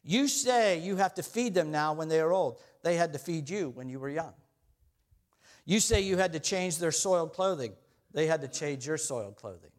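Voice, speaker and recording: A middle-aged man preaching a sermon as pastor, conversational and self-deprecating, often laughing at his own stories. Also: a little high.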